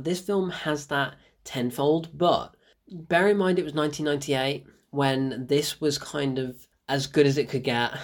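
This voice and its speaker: Male film reviewer, casual and excitable, quick to laugh, says things twice for emphasis. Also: medium pitch. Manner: excitable, laughs often, repeats himself for emphasis.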